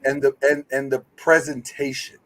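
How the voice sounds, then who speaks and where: A man hosting a podcast in casual chat, animated and joking, with preacher-like flourishes. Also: medium pitch, moderate pace, rough recording. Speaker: podcast host.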